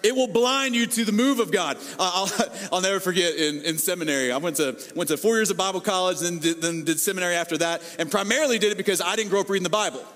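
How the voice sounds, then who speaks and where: Pastor guy preaching, kinda high voice, animated and chatty, big echoey church hall. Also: fast talker, hardly any pauses. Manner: animated, acts out quoted voices, conversational. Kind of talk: sermon.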